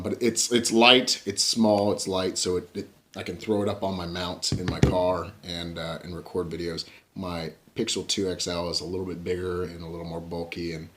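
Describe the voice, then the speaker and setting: A man giving a casual tech review at home, rambling with lots of fillers and frequent chuckles. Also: low-pitched.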